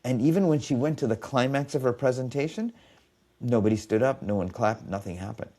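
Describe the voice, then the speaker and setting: A man's voice: medium pitch, a little fast, warm tone. A man telling stories in a podcast conversation as a biofeedback specialist, acting out quoted dialogue.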